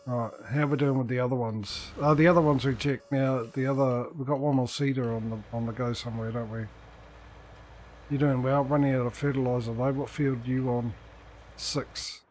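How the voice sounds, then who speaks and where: A man's voice: medium pitch, fairly even intonation, moderate pace, darkish tone. Male streamer, casual dry-humoured gameplay chat, faint hiss behind. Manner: chatty, talks to in-game workers, dry jokes.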